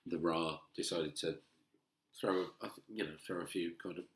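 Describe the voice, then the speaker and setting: A middle-aged comedian chatting casually, telling animated stories and acting out the people in them. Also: male voice, low-pitched, normal speed, a little hiss or hum. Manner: animated storyteller, acts out voices. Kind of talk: casual chat. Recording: roomy echo.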